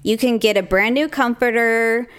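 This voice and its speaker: A woman co-hosting a casual chat, relaxed and agreeable. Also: on the high side, normal speed, clear, resonant tone.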